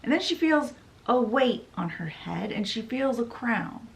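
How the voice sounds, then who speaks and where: A young woman recaps a novel for her vlog, chatty and animated. Her voice sits a bit on the high side. She slips in quoted lines as she tells it. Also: measured pace, vocal fry, low-quality recording. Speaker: book vlogger. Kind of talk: casual story recap.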